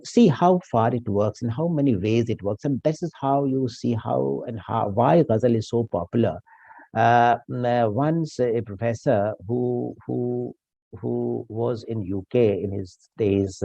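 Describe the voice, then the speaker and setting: A man giving an academic lecture, reciting Urdu verse and explaining it slowly with pauses and fillers. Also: medium pitch, warm tone, no room sound. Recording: dull lo-fi recording.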